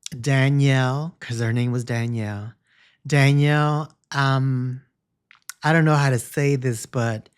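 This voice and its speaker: A hairstylist in his forties telling a candid personal story, often repeating words and breaking off mid-word to correct himself. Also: medium pitch.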